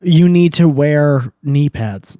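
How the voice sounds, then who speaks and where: Sarcastic man, mellow voice. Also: a little high, slow pace, no room sound, studio quality. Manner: sarcastic, teasing, swears freely. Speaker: podcast co-host. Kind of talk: casual chat.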